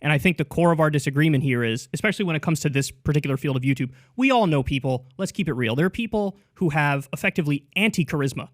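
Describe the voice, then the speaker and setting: Fast-talking man making his argument. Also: fairly high pitch, no room sound, clean studio sound. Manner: fast, articulate, lays out arguments in structured points. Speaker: podcast guest. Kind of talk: debate.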